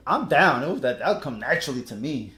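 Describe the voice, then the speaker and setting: A man in his thirties with a New York accent, co-hosting a casual sports podcast in a laid-back, laughing way with halting restarts. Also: mid-range voice, big pitch swings, sharp tone, reverberant. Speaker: podcast co-host.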